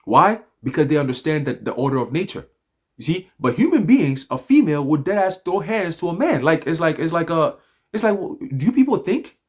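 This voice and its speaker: A man giving an animated, profane, rambling religious talk on a livestream, mixing stories with scripture. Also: on the high side, brisk. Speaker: livestream speaker. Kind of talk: loose religious street talk. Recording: livestream audio.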